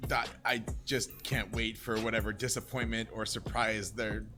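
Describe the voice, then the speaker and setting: A man's voice: on the low side, flat delivery, normal speed, over music. A man playing in a tabletop game, sarcastic and exasperated. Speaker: player. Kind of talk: tabletop role-play.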